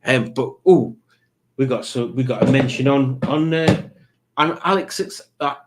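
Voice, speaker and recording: A man hosts a relaxed live stream, chatting through viewer comments in a rambling, joking way. He talks at a middle pitch and often trips over his own sentences before starting them again. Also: moderate pace, background noise. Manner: rambling, jokey, waffling with many restarts.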